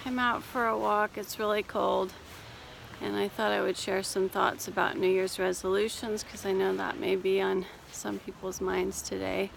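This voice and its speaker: A woman coach talking casually while walking outdoors up a hill, gentle and reassuring, a little out of breath. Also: mid-range voice, little pitch movement, moderate pace, creaky, a little hiss or hum. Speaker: life coach and therapist. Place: outdoors on a cold hill walk.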